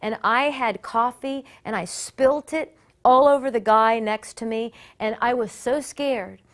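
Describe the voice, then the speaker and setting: A woman worship leader sharing a personal testimony story in an earnest, animated way that often breaks off and restarts. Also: a little high, a little slow. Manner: earnest and animated, with many self-interruptions.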